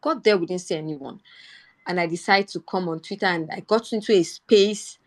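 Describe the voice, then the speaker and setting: A woman's voice: on the low side, normal speed. A young Nigerian woman with a Nigerian accent, telling a personal story in earnest in a live audio chat. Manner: earnest storytelling, rising indignation when quoting herself. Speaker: Twitter Space speaker.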